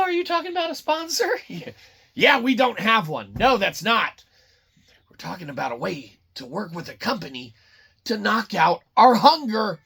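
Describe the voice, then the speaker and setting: A man's voice: high-pitched, creaky, sharp tone, breathy edge. A man hosting a snack review, rambling and sarcastic with lots of swearing and silly voices. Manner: profane, sarcastic, jumps between silly voices.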